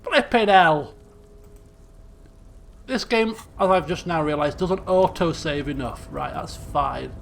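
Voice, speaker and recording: A man commentating on a game he plays, excitable and full of exclamations. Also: a little high, measured pace, gravelly, hardly any pauses, slight background noise. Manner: excitable, exclamatory, laughing asides. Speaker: gameplay commentator. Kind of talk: let's play commentary.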